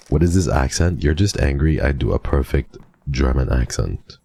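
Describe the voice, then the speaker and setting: Very deep husky male streamer. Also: expressive, moderate pace, mellow, dry recording. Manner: playful, teasing, talks to chat. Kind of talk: casual game commentary.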